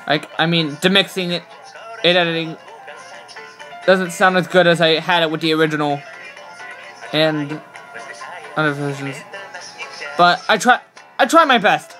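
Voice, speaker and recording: A man's voice: fairly high pitch, pushed and bright. A man streaming live, talking casually in a hesitant, apologetic, rambling way.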